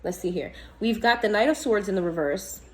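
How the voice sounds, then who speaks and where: A woman's voice: medium pitch, animated, fairly quick, poor audio. A woman reading tarot to camera in a casual, blunt and chatty way. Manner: blunt, scolding, chatty, laughs often. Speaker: tarot reader.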